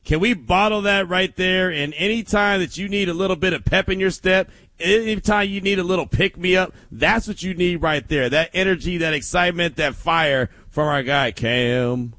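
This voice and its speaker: A man hosting a sports talk radio show, hyped and energetic, often laughing. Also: sits high, normal speed, no room sound. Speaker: radio host.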